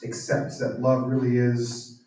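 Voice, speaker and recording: Man giving a sermon, conversational storyteller, warm tone, strong hall echo. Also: mid-range voice, completely flat delivery, measured pace, slight background noise. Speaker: guest speaker and author. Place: large church hall. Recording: echoey hall, distant mic.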